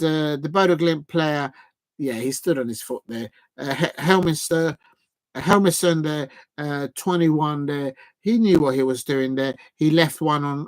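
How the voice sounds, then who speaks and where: A man calls a match live for fans, excitable and chatty, often stumbling over fillers. His voice sits a little high for a man. The sound is close and dry, with no room around it. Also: no echo. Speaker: fan watch-along commentator. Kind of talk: live match commentary with opinions.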